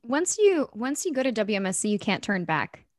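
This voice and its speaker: A woman's voice: a little high, sing-song, normal speed, no echo, clean studio sound. A young woman hosting a college radio show, giggly and self-deprecating in casual chat. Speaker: radio host and station manager.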